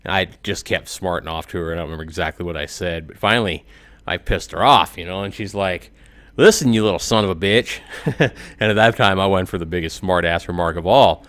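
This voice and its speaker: Rambling comic YouTuber, male, forties, lowish voice, dry close sound, chuckles at own punchlines. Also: a little fast, a bit bright, no echo. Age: 40s. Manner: rambling, laughs at his own jokes. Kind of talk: joking comedic monologue.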